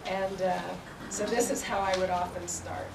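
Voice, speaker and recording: A woman reminiscing and reading poetry aloud at a peace forum, in an unhurried, warmly reminiscing way. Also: on the low side, little pitch movement. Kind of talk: spoken recollection and poetry reading. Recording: roomy, distant, noisy event recording.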